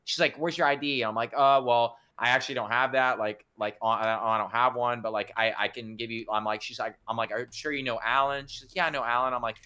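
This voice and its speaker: A young man telling a story in a casual podcast chat, animated and swearing a lot as he acts out the people in it. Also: mid-range voice, quick pace, hardly any pauses, clean tone.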